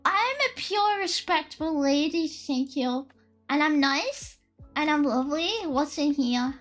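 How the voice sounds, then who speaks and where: Young female streamer, very high voice, slow and drawn-out delivery, giggly and foul-mouthed. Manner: excitable, giggly and profane, thinking aloud. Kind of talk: casual live-stream chat. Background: faint lo-fi music.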